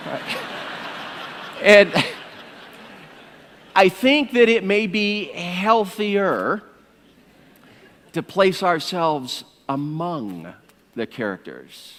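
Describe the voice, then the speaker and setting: A male pastor preaching a sermon in an animated storytelling manner, calling his listeners "my friends", in a church sanctuary. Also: high voice, slow pace, pauses often, in a large hall.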